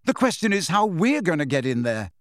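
A man voicing an agitated teenage boy wizard who speaks urgently and shouts, in an audiobook reading. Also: on the high side, big pitch swings, brisk, dry recording, studio quality, pitched above the performer's own voice. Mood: urgent, shouting.

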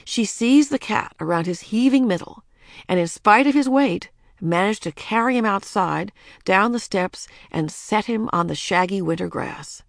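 A woman narrating a children's storybook in a lively, expressive way. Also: medium pitch, normal speed, gravelly, no room sound, studio quality. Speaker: audiobook narrator.

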